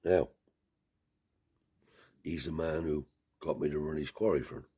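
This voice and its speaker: A man tells a long, rambling story in loose country dialect. His voice sits very low and sounds dark and mellow. There is a husky, breathy grain to it. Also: fairly even intonation, unhurried. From Cornwall. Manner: rambling yarn with dialect grammar. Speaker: travelling scrap dealer. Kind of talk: casual storytelling.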